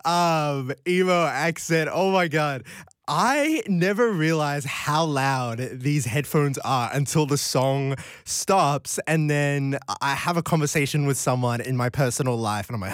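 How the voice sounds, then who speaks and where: A man's voice: on the high side, a little slow, fairly bright tone, dry recording, studio quality. A young man hosting a late-night radio show, chatting casually and reading listener texts, rambling off into giggly tangents. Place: radio studio. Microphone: studio microphone.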